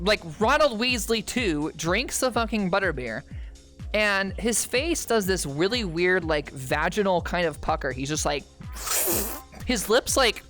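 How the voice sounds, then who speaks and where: Woman, streamer, rambling storytelling, loud outbursts, frequent asides, mid pitch. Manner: bursts into loud shouting at punchlines.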